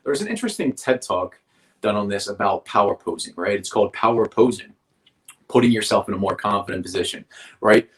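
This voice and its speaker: A man's voice: lowish voice, lively intonation, brisk. A man teaching athletes in a motivational coaching style, explaining step by step and often checking in with "right?".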